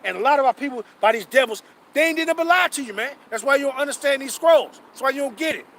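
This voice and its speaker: A man preaching outdoors, emphatic and profane, reading scripture slowly and asking rhetorical questions. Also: very high voice, animated, a bit bright, a little hiss or hum. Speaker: street preacher. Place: outdoors on a city street.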